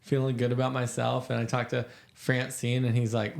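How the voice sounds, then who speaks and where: A man's voice: mid-range voice, moderate pace, gravelly. Easygoing man in a podcast chat. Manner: relaxed and reflective, with frequent "like". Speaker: podcast co-host. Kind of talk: casual chat.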